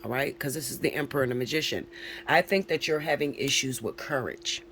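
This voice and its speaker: Guy doing a tarot reading, blunt, swears a lot, keeps asking "all right?", soft hum behind him. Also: medium pitch, a little fast. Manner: blunt, frank and profane; chatty, keeps checking in with listeners. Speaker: tarot reader. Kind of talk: casual tarot reading to camera.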